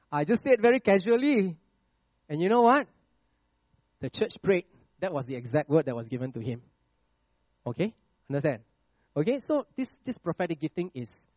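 A man preaching a sermon with a personal testimony, checking in with the congregation with "all right?" and "okay?" and dropping to a hush on scripture lines. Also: on the high side, big pitch swings, no echo, highs cut off. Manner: slows and drops to a hush on scripture phrases.

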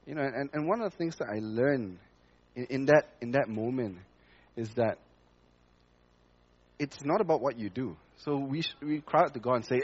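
A man giving a spoken testimony to a congregation, talking haltingly with many fillers and restarts. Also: medium pitch, breathy edge, lo-fi sound. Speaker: church speaker sharing a testimony.

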